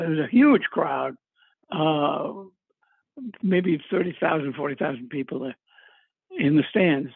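Gravelly with a breathy edge and a little high, the voice belongs to an older New England actor appearing as a guest. In a casual interview, he rambles through stories with chuckles and filler words. The tinny phone-line recording has no echo.

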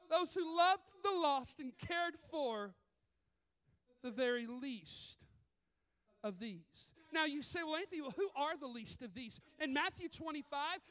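Animated preacher, high voice. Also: male voice. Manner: animated, acts out voices in stories. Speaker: pastor. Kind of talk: sermon with storytelling. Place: church sanctuary.

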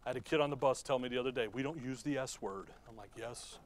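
A man preaching a sermon as pastor in a conversational way, with sudden loud emphasis and quick asides to the congregation. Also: mid-range voice, a little hiss or hum.

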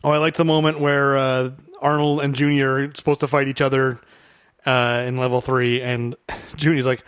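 A man co-hosting a casual film discussion podcast, chatty and quick to laugh as he quotes lines. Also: mid-range voice, little pitch movement, fairly bright tone, smooth, no echo, studio quality. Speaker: podcast co-host.

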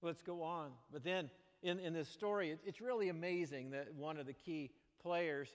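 A man preaching in a large church with a fairly high voice, his words trailing into a long hall reverb. He moves between bright, emphatic bursts and low, earnest stretches as he preaches. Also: moderate pace. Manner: animated preaching with sudden loud exclamations and drops to quiet. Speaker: pastor. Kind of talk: sermon.

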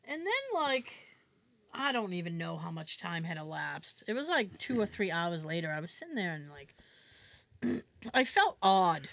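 A woman's voice: fairly low pitch, very animated, a little slow, vocal fry, fairly bright tone. A woman hosting a podcast, telling a story in casual chat, acting out quotes, laughing often and swearing freely. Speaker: podcast host.

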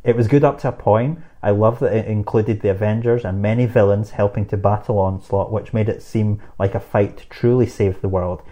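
Joking man with a mellow low voice. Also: steady tone, dull audio. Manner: laughing, joking, quick asides. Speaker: podcast co-host. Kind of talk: casual chat, reading listener emails.

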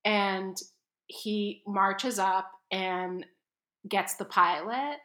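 Animated storytelling woman, bright voice. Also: medium pitch, very slow, echoey room. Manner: animated, quotes people with exaggerated voices. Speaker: podcast co-host. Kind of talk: casual storytelling.

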